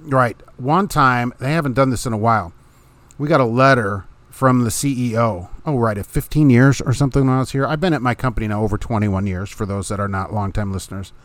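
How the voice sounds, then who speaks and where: A middle-aged man, a truck driver and podcast host, speaks briskly into a close mic in a dry home room with no room sound. His average-pitched delivery is casual but blunt and opinionated, with quick laughs between his points.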